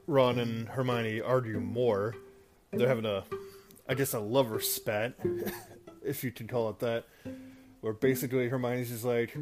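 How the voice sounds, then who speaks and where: A man casually recapping a film for a video, rambling with many fillers and asides. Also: medium pitch. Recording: guitar music playing behind.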